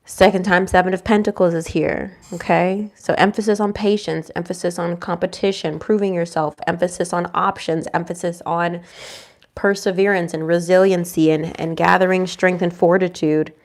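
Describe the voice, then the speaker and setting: Her voice is fairly low, steady, and a little mellow, moving at normal speed. A young adult tarot reader, she offers a casual, comforting reading and murmurs questions to the cards as she goes.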